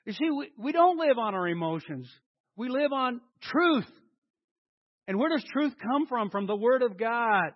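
A man's voice: very high-pitched, expressive, unhurried, lo-fi sound. A man preaching a sermon, acting out his inner dialogue as he talks to his congregation. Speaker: pastor.

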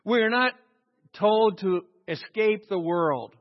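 A man preaching a sermon as pastor, animated and sarcastic, with mocking asides to the congregation. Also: a little high, normal speed, big-room sound, highs cut off.

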